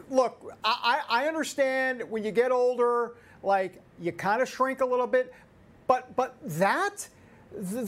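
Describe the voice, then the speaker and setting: A male host giving casual, sarcastic political commentary with jokes and asides. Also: sits high. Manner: sarcastic, joking, rambling.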